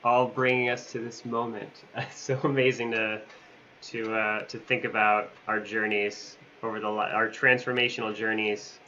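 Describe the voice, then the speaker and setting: A man with a low, bright, forceful voice speaks hesitantly and pauses often with uhs as he reflects. The sound comes through dull and lo-fi. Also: little pitch movement, slight background noise. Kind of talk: casual video chat.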